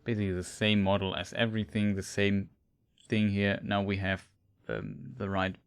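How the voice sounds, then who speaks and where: A man's voice: on the low side, level tone, moderate pace, smooth. Man thinking aloud over a game. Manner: thinking aloud, hesitant with fillers. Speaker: streamer. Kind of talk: casual gameplay commentary.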